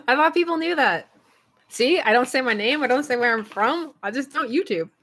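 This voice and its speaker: A woman's voice: high-pitched, expressive, moderate pace, a bit bright. A woman with a Canadian accent, co-hosting a casual fandom chat and laughing often between her thoughts. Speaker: podcast co-host.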